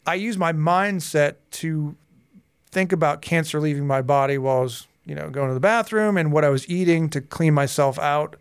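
A man in his forties, a guest on a podcast interview, telling personal stories in a lively way and acting out the dialogue. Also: a little high, moderate pace, smooth, no room sound, studio quality. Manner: lively storyteller who acts out dialogue. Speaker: guest, hypnotherapist and coach.

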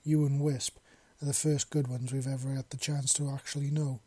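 A man voicing a gentle, earnest young male clawed creature in a read-aloud story, speaking sincerely and softly, with a dark, husky tone. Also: medium pitch, little pitch movement, moderate pace, no echo, lightly acted. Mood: earnest apology. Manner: sincere, apologetic, softly spoken.

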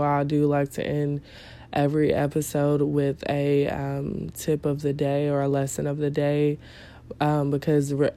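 A woman's voice: sits low, warm tone. A woman hosting her own podcast, talking casually with a nasal voice and lots of fillers and restarts. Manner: rambling, many fillers and restarts. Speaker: podcast host. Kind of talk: casual solo podcast talk.

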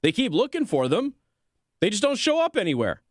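A man's voice: high voice, wildly swooping pitch, a little fast, dry recording, clean studio sound. Sarcastic male political commentary host. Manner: sarcastic, combative asides between read passages. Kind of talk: reading news articles aloud with commentary.

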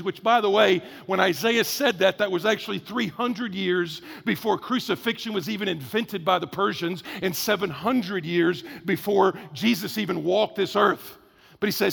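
A man preaching a sermon as pastor, energetic and conversational, slipping into acted asides. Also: high voice, moderate pace, gravelly. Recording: long hall reverb.

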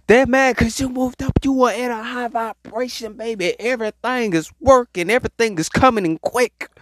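A speaker giving a rambling, slangy spiritual pep talk in a voice message, preaching with animated emphasis. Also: medium pitch, moderate pace, noisy background. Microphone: voice message recording.

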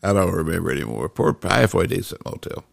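An older man tells old stories in a low, gravelly voice, halting often and reaching for details. The sound is close and dry, with no room around it. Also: very animated, dry recording. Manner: slow, halting recollection with many fillers. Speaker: guest father telling stories. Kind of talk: casual storytelling.

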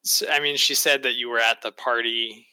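A man improvising a hesitant, deadpan character who stumbles over his words in a comedic role-play. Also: medium pitch, moderate pace, clear, resonant tone, no room sound, rough recording. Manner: deadpan, hesitant, with repeated flat refusals.

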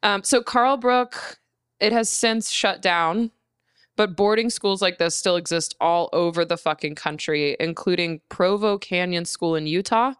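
A woman with a fairly low, smooth voice tells a story to her co-hosts in a loose, swearing podcast chat. The sound is close and dry, with no room around it. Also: measured pace, no echo. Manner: swears freely, trails into laughs. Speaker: podcast co-host telling the story.

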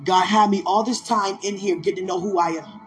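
A woman's voice: mid-range voice, fairly even intonation, fairly quick, soft background music. A woman podcast host telling a personal faith testimony in an emotional way, with pleading repetitions.

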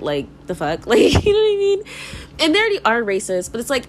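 A young woman talks through a rambling, profane podcast monologue, her pitch leaping up and down as she goes. She peppers every sentence with "like" and breaks into frequent laughter. A faint hiss sits under the recording. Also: wildly swooping pitch, quick pace. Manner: fills speech with "like". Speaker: podcast host. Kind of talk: casual monologue.

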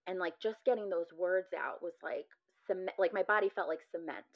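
Woman, thirties, podcast guest, emotional personal story, filler-heavy, lowish voice, muffled lo-fi audio. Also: a little fast. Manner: emotional retelling, many "like" fillers.

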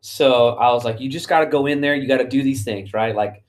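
A man's voice: medium pitch, brisk. A man co-hosting a podcast, telling rambling stories in casual chat and laughing often; he coaches youth flag football. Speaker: podcast co-host.

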